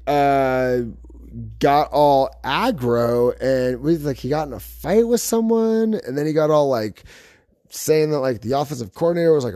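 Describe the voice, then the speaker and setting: A man's voice: fairly high pitch, warm tone, dry recording, studio quality. A man hosting a podcast, chatting casually in a rambling, self-correcting way. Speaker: podcast host. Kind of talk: casual chat about fantasy football.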